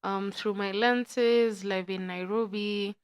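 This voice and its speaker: A woman's voice: mid-range voice, fairly even intonation, slow pace, clean tone. A woman with a Kenyan accent hosting a podcast, chatting casually in a playful, chatty way. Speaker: podcast host.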